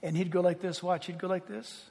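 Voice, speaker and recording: A male preacher with a high, husky voice delivers an emphatic sermon. He swings between loud declarations and hushed near-whispers. A long reverb rings around him as if in a large hall. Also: steady tone, a little fast.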